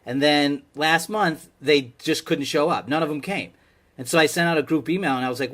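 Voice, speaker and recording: Bright in tone, fairly high-pitched, and a little fast, a man acts as a patient in a comedy sketch. On a video call with his therapist, his rambling, exasperated stories push his voice up to pleading.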